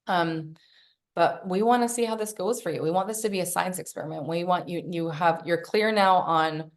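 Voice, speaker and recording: A woman's voice: lowish voice, normal speed. A woman hosting a podcast, giving casual self-help coaching, swearing freely and acting out her own inner voice. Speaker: podcast host.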